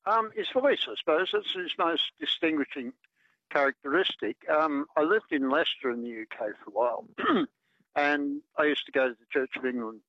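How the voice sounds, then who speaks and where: A man's voice: fairly high pitch, normal speed, pushed and bright, no room sound. A man calling in to a radio show, talking in a hesitant, rambling way. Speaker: caller. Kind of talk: phone-in chat. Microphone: telephone. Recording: dull phone line.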